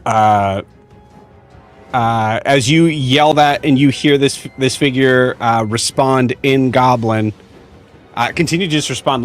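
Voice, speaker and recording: A man narrating as game master of a tabletop role-playing game, casual and halting with many fillers. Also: mid-range voice, faint music behind.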